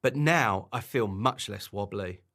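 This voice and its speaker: A man voicing a grumpy little girl animal in a bedtime storybook, with a high bratty voice. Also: a little slow, a bit bright. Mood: calm.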